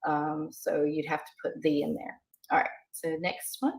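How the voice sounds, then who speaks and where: Casting: low-pitched woman teacher, relaxed and halting, explains word by word. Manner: hesitant, many ums and uhs. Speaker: language teacher. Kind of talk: casual lesson explanation.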